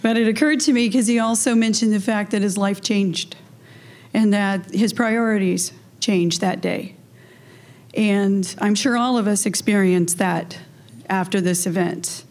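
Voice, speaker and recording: A woman in a middle pitch hosts a memorial ceremony. She tells a personal story earnestly and from the heart. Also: fairly even intonation, a little slow, a little mellow.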